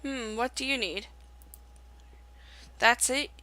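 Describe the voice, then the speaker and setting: A woman's voice: a little high, takes it slowly, sharp tone, rough recording. A woman reading as a bitter jealous young man. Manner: reading game dialogue aloud.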